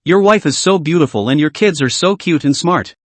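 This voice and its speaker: A man's voice: fairly high pitch, animated, a little fast, no echo. A man voicing a blunt, talkative middle-aged male taxi driver in a read-aloud story, with a rambling, skeptical manner. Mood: teasing. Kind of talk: scripted story narration.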